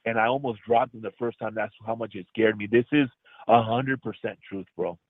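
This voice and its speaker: A man, an actor guest on an interview show, telling a deeply personal story in an earnest, heartfelt way and calling the host brother. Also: steady tone, fairly quick, no room sound. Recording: tinny phone-like line.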